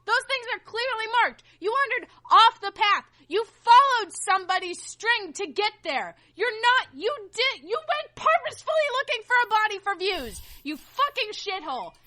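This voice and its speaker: Woman, very high voice, lively swings in pitch, angry swearing podcast rant. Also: normal speed, hardly any pauses. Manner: angry ranting, heavy swearing. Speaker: podcast co-host. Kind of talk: casual podcast chat.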